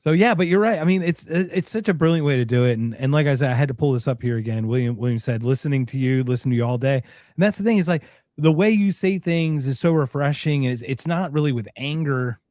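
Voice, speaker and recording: Animated podcast host on dull lo-fi audio. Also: male voice, medium pitch, fast, no echo. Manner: animated, laughs often, swears casually. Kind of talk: casual chat.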